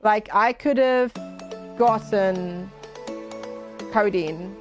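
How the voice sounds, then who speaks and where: Slow-talking woman streamer chatting with viewers. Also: mid-range voice, music in the background. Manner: chatty, reads out and greets chat viewers. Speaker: game streamer. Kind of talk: casual live-stream chat while playing.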